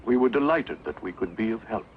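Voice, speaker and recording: An actor playing a discreet, secretive man in a 1960s film dub, speaking in a quiet, guarded way. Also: lowish voice, lively intonation, fairly quick, phone-quality sound, a little hiss or hum, natural voice. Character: discreet male rescuer, secretive and courteous.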